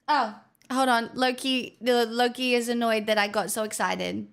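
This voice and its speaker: Young woman streamer with a high voice, excitable and gushing, baby-talks a dog. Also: unhurried, a little hiss or hum. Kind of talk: casual livestream chat.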